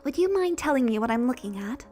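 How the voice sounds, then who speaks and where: Woman doing a weary young woman, low hushed voice, tired manner, soft music behind. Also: lively intonation, fast talker. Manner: low, soft, half-whispered and world-weary.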